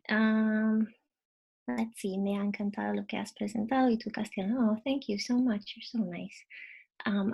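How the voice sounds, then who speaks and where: A woman's voice: mid-range voice, steady tone, moderate pace, gravelly, background noise. A woman teacher presenting a live webinar in a casual, bubbly way, thanking viewers and muttering to herself while she fixes tech trouble on a computer mic.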